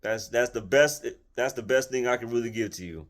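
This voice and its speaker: A man's voice: medium pitch, brisk. A man telling a personal story to his followers in a blunt, colloquial, emphatic way, often restarting and repeating phrases. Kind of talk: casual storytelling monologue.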